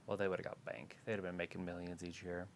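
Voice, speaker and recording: A man co-hosting a casual wrestling watch-along, giving plain-spoken, opinionated takes in a matter-of-fact way. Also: deep voice. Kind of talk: casual chat, wrestling commentary.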